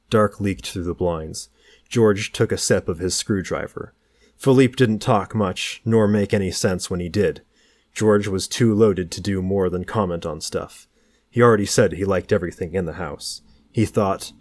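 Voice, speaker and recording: Low-voiced man reading a novel. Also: unhurried, no echo, studio quality. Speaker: audiobook reader. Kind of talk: novel narration.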